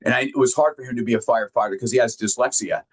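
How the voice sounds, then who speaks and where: A man giving a heartfelt motivational talk, sharing personal stories earnestly and emphatically, often halting and repeating words when moved. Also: medium pitch, husky. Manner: emphatic, directly addresses listeners. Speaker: motivational speaker.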